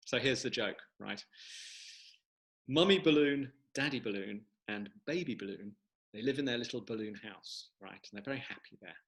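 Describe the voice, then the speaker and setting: A man speaks over a video call with a bright, forceful tone. His talk is casual and rambling, full of restarts, as he tells jokes at his own book launch. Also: medium pitch, moderate pace, poor audio. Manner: chatty, rambling joke-teller. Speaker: author.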